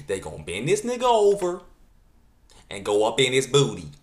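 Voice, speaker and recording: A man's voice: mid-range voice, huge pitch swings, moderate pace, echoey room, a little hiss or hum, voice pushed up. A man putting on an impression of a boastful, threatening young man with a thick Californian accent. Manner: thick drawl, menacing brag.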